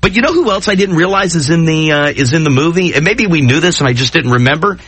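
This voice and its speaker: A man hosting a morning radio show, chatting excitably and rambling with many restarts. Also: on the high side, fast talker, breathy edge, no echo. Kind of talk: casual on-air banter. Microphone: studio mic.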